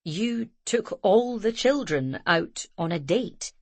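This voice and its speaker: A woman voicing a shy, fussy bookish man in an audiobook, speaking slowly and softly. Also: lowish voice, animated, no room sound, exaggerated voice. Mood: dismayed.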